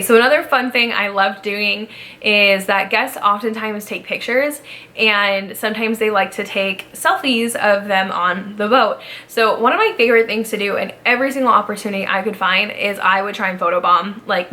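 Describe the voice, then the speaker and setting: A woman's voice: medium pitch, sharp tone. A young woman in her twenties chatting casually and upbeat about her old job as a ride guide, full of "like" fillers. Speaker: vlogger, former theme park ride guide. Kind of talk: casual chat.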